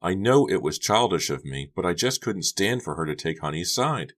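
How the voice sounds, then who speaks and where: A man voicing a high-strung, upset teenage girl who talks shrilly and anxiously in an audiobook. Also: lively intonation, moderate pace, a bit bright. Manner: shrill and agitated. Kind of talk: audiobook character voice.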